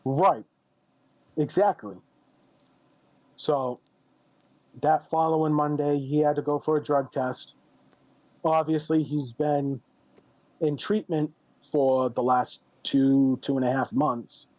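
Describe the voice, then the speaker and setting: A man's voice: fairly high pitch, steady tone, slow pace, pauses often, a little mellow, dry recording, low-quality recording. A man in his thirties, a podcast guest, candidly telling a personal story with many ums and retold dialogue. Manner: candid, rambling, retells dialogue with "I'm like" and frequent ums.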